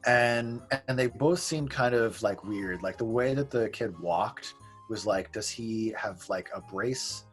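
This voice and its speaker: A man's voice: lowish voice, measured pace, faint music behind. A man casually reviewing a movie on a podcast, rambling and swearing as he talks. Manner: rambling, profane, acts out quotes. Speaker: podcast host.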